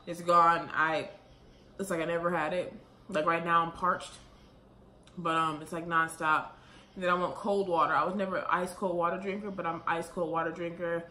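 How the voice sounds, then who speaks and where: A young pregnant woman talking to camera in a casual vlog, a little out of breath and rambling quickly with lots of fillers. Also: on the low side, level tone, bright, forceful tone. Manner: chatty, rambling, fast with many fillers. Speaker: vlogger. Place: room at home, late at night. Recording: echoey room with faint ambient noise.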